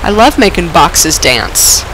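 A woman commenting on her gameplay, her voice lowered and rough from being sick with a dry cough; excitable, swearing and laughing at herself. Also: takes it slowly, noisy background. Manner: excitable, swears and laughs often, self-mocking. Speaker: let's play gamer.

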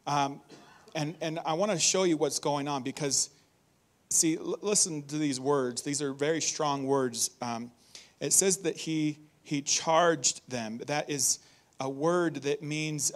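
A man preaching a conversational, animated sermon in a church, reading scripture and acting out warnings. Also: fairly high pitch.

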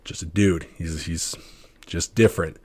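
Speaking a little slowly in a low, steady, darkish and slightly rough voice, a young man in his twenties rambles through a casual story on a podcast. He keeps correcting himself and performs the other people's dialogue.

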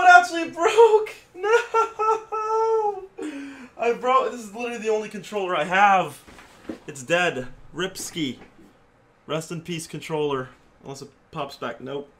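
A man's voice: mid-range voice, bright, forceful tone, slight background noise. A man talking to camera about his gaming rage, exasperated and rueful. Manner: exasperated, then rueful and muttering. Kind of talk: gaming video commentary.

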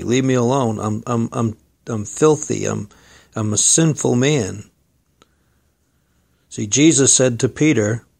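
Male preacher, mid-pitched, gravelly, earnest and exhorting. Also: darkish tone. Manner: earnest, exhorting, addresses listeners as friend and folks. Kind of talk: sermon.

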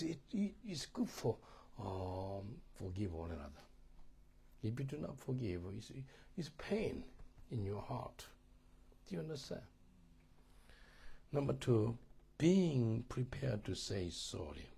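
A man with a low, gravelly, husky voice and a dark tone teaches a church marriage course. He speaks earnestly but haltingly, often repeating words and checking whether listeners understand.

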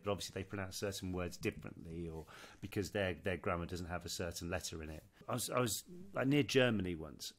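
A man in his thirties from England tells a story on a podcast, his voice sitting on the low side. He rambles, restarts sentences and leans on fillers as he goes. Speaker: podcast co-host. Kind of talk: casual storytelling chat.

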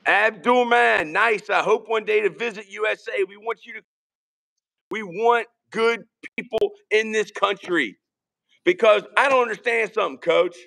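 A man from Virginia, co-hosting a casual podcast stream and rambling through shout-outs and jokes. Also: high voice, moderate pace, creaky. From Richmond, Virginia. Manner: rambling, shouting out viewers, joking. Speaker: podcast co-host. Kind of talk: casual live-stream chat.

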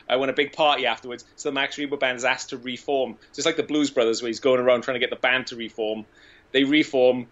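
A man, a guest on a podcast, pitching silly ideas in an animated, profane, joking way. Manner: animated, profane comic storytelling. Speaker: guest filmmaker. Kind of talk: casual podcast chat. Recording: dull lo-fi audio.

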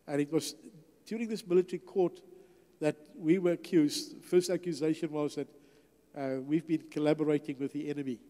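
A man's voice: a little high, fairly even intonation, moderate pace, warm tone. An older man giving a testimony sermon as a guest speaker in a church, telling his story and acting out the dialogue. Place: church hall. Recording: long hall reverb.

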